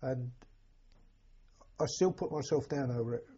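An elderly man recalling his war years, halting and repeating words as emotion rises. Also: medium pitch, warm tone, husky. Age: older. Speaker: war veteran interviewee. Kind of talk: personal recollection. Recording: dull lo-fi recording.

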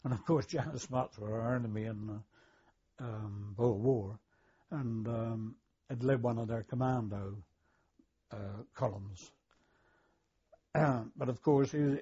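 An older war veteran recalling his service in an interview, hesitant, with many fillers, throat clearing and chuckles. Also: medium pitch, mellow, lo-fi sound. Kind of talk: oral history recollection.

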